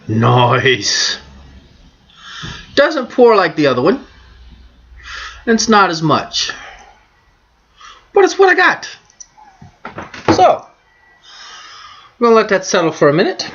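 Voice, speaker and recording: Crude joking woman vlogging over a beer, bright bouncy voice, muffled lo-fi sound. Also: fairly low pitch, breathy edge. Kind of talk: casual beer-drinking vlog with bawdy jokes.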